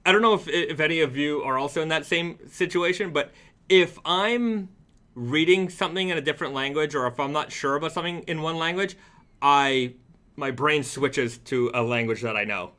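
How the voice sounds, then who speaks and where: A man's voice: fairly high pitch, normal speed, pushed and bright. A man hosting a weekly live stream, chatting casually and reading viewer comments aloud with plenty of fillers.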